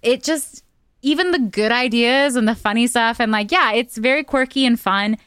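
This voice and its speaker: A woman's voice: a little high, normal speed, a bit bright, smooth, dry recording, studio quality. A young adult woman co-hosting a podcast, chatting casually in a snarky, talkative way and laughing often. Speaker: podcast co-host. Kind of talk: casual chat.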